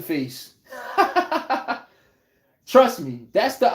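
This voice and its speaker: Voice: mid-range voice, drawn-out words. A sports commentator giving blunt, profane, casual commentary and acting out quotes in mock voices. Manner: animated, profane, blunt trash talk.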